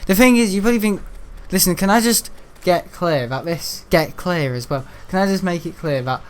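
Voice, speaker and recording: A man's voice: high-pitched, moderate pace, smooth. A teenage boy with a Merseyside accent, chatting casually on a stream, hesitant with lots of ums and restarts. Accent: Merseyside English. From the Wirral, England. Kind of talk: rambling casual chat.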